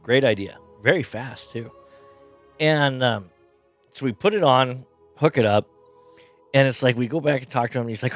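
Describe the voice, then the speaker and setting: A man's voice: mid-range voice, normal speed, pauses often, soft background music. A man hosting his own show from his bedroom, telling a rambling story with many restarts. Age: adult, has kids. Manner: rambling, animated retelling with repeated restarts. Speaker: podcast host. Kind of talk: casual storytelling monologue. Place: bedroom at home.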